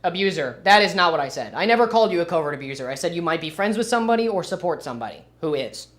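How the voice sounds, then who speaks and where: A man's voice: fairly high pitch, expressive, very fast, a bit bright. A young man streaming and commenting casually, with a rambling, sarcastic manner. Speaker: livestreamer.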